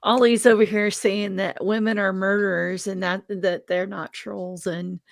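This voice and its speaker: A woman guest banters on a casual livestream and teases the men. Her voice is mid-pitched. The sound is dry and close. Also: flat delivery, a little slow, creaky, no echo. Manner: teasing, laughs often. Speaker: guest panelist.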